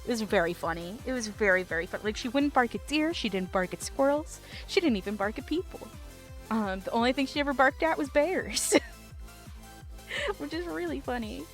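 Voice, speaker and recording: A woman's voice: a little high, brisk, soft background music. A woman streamer chatting casually with her live chat, rambling and giggling often with lots of "like".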